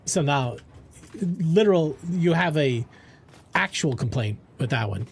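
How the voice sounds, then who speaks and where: A man's voice: fairly high pitch, animated, a little slow, vocal fry, slightly rough. A young man streaming a game, chatting casually and playfully with his viewers, rambling and joking as he goes. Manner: playful, rambling, answers chat and jokes around. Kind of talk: casual live-stream chat.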